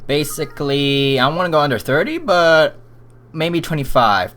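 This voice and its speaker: A man's voice: fairly high pitch, big pitch swings, normal speed, a bit bright. A man playing a mystery game, reading the characters' lines aloud in his plain voice and adding asides. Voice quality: plain reading voice, no put-on accents. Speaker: let's play gamer.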